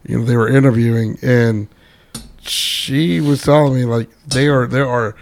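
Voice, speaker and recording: A man in a casual podcast chat who rambles, halting and restarting his sentences. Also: mid-range voice, fairly even intonation, creaky. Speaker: podcast co-host.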